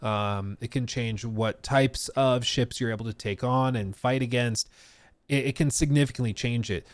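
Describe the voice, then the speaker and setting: A man's voice: medium pitch, normal speed, no room sound. A man streaming a casual reaction commentary, talking in long rambling stretches full of restarts and fillers.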